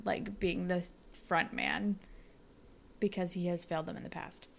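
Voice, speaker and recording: A woman's voice: lowish voice, fairly even intonation, measured pace, gravelly. A young woman co-hosting a podcast, telling rambling stories in casual chat with lots of "like". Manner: rambling storyteller, full of "like". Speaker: podcast co-host.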